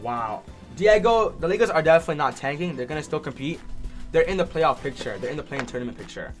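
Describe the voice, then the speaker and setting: A young man hosting a live sports stream, reacting excitedly and answering chat by name. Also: fairly high pitch, fast, faint music behind. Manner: excitable, reads chat names aloud.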